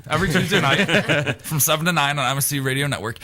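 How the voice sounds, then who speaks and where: Bright-voiced jokey male radio host. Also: fairly high pitch, fast. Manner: jokey, rambling, teasing the co-hosts. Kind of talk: casual joking radio banter.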